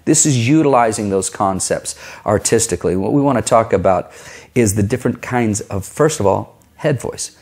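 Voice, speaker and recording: A man's voice: fairly low pitch, expressive, normal speed, darkish tone, slightly rough. A man teaching a singing lesson in a casual, conversational way, explaining vocal tone and stopping to demonstrate sounds. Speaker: vocal coach. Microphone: filmed on camera.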